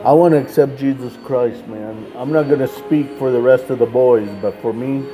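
A man's voice: medium pitch, normal speed, music in the background, natural voice, rough recording. A man voicing a young male gang member who speaks in casual slang. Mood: earnest. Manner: casual, says man a lot.

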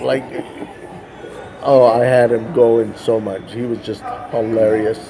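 A man telling a story casually, lively and full of "like" fillers, with soft music faintly behind him. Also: mid-range voice, takes it slowly, pauses often. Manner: animated, acts out the children's voices, frequent "like" fillers. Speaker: ministry worker telling a story.

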